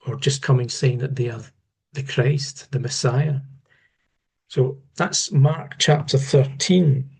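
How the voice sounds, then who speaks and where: A man giving an unscripted Bible study lesson, measured and halting, often restarting his words. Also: medium pitch, vocal fry, darkish tone, breathy edge. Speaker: Bible teacher.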